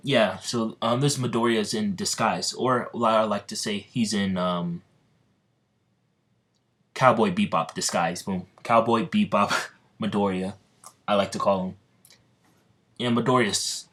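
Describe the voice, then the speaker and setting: Rambling young man telling a fan story. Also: on the low side. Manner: rambling, filler-heavy, excitable. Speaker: storyteller, video creator. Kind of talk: casual fan-story narration.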